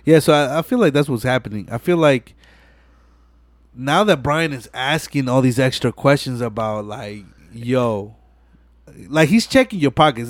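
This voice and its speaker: A young man hosting a casual podcast, retelling movie scenes in an animated way and acting out the dialogue with lots of swearing. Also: mid-range voice, no echo. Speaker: podcast host. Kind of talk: casual chat.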